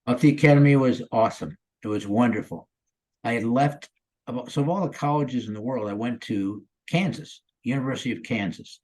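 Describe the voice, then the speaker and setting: A man's voice: medium pitch, fairly quick, darkish tone, rough recording. A man in his sixties from the Chicago area, a guest actor telling stories in a casual interview, rambling and upbeat with lots of "you know" and "um". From Chicago area, USA. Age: 60s.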